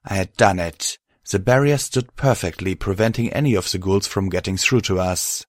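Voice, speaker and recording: Low-voiced man narrating a story. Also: moderate pace, few pauses, no room sound, studio quality. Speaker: audiobook narrator. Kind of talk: scripted narration.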